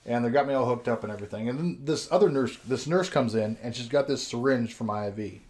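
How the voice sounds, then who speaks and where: Man, podcast host, casual storytelling, swears a lot, rambling, laughs mid-sentence, mid-pitched voice. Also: quick pace, darkish tone. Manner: profane, rambling, laughs through his own story.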